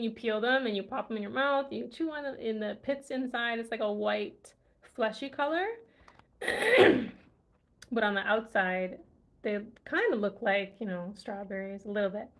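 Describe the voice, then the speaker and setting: Female vlogger, unhurried casual chat, slightly high pitch, laughs easily. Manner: chatty, laughs often, muses aloud. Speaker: language vlogger.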